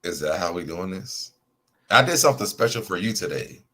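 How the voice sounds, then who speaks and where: Male co-host, low voice, relaxed recap banter, chatty and easygoing. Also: brisk. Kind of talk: casual recap chat.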